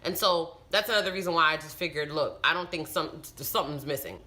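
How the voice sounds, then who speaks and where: Bright-voiced woman telling a story. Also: sits low, brisk. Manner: animated, emphatic retelling with frustrated outbursts. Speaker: vlogger and new mother. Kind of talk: casual storytelling to camera.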